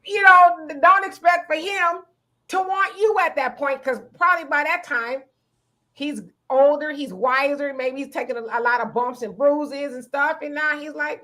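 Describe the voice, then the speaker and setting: High-voiced animated woman hosting a talk show. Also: moderate pace. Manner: animated, talkative, laughs often, acts out quoted voices. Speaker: show host. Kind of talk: casual commentary.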